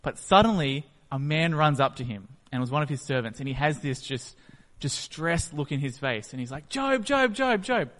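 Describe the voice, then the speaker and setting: A man's voice: mid-range voice, moderate pace, few pauses, a bit bright. A man preaching a sermon, retelling a story and acting out its scenes. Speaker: pastor. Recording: echoey hall.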